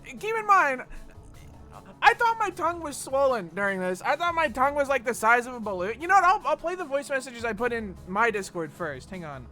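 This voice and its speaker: A man's voice: very high voice, very animated, fairly quick, sharp tone, faint music behind. A man streaming a game, chatting casually in a rambling, profane way. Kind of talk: casual chat while gaming.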